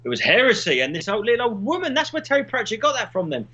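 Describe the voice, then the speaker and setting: A man's voice: high-pitched, wildly swooping pitch, fast talker, lo-fi sound, a loud crowd. A man, co-hosting a podcast in casual chat, rambling through stories and swearing freely. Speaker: podcast co-host.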